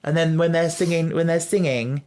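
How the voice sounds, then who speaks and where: A podcast host, chatting casually about an episode, animated and quick to quote scenes. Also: mid-range voice. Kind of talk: casual chat reviewing an episode.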